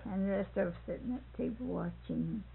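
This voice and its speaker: A woman's voice: mid-range voice, normal speed, gravelly, a little hiss or hum. An older woman telling family stories, laughing often as she talks. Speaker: storyteller recalling family life. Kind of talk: casual oral history. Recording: tinny phone-like old tape.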